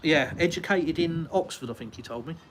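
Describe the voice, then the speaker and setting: A man's voice: fairly high pitch, brisk. An English man hosting a casual live stream, answering viewer comments aloud as he walks around his house and out onto a windy terrace. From United Kingdom. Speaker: livestream host.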